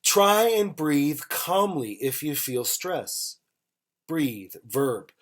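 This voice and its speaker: A teacher giving an online English vocabulary lesson, speaking slowly and repeating each word and example sentence for learners. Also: female voice, sits low, very animated. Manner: slow, deliberate, repeats words and example sentences.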